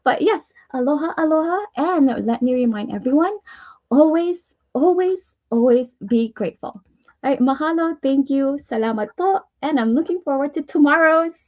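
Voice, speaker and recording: A woman's voice: sits high, animated, brisk, few pauses, phone-quality sound. A woman with a Filipino accent hosting a casual live stream, chatty and earnest as she shares personal affirmations, rambling a little with restarts and small laughs. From Philippines.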